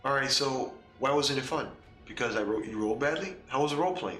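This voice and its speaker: A man's voice: medium pitch, expressive, brisk, bright, forceful tone, reverberant, soft background music. A man hosting a casual talk show as a game master, speaking emphatically and repeating points through rhetorical questions. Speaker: podcast host and game master.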